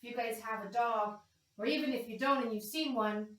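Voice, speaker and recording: A woman leading a yoga class for young children, talking them gently and playfully through animal poses and animal sounds. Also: on the high side, fairly quick. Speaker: kids yoga instructor. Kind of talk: guided kids yoga class. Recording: echoey room, distant from mic.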